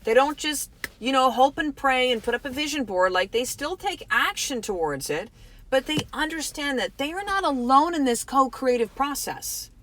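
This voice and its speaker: A woman's voice: sits high, animated, normal speed, a bit bright, slight background noise. A middle-aged woman from Canada hosting a motivational podcast, candid and emphatic, swearing freely and speaking straight to her listeners. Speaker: podcast host.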